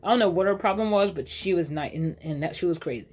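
A woman's voice: fairly low pitch, fast talker, a little mellow, slightly rough. A woman telling a personal story in a casual storytime vlog, rambling, cursing freely and correcting herself mid-sentence. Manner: rambling, profane, uses slang fillers; restarts and self-corrections.

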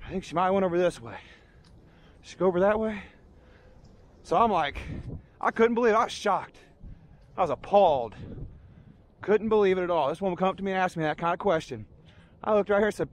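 A man's voice: high voice, lively intonation, a little fast, long pauses. A man telling a comic story outdoors on park trails, out of breath and rambling with mock outrage. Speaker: vlogger. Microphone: handheld camera.

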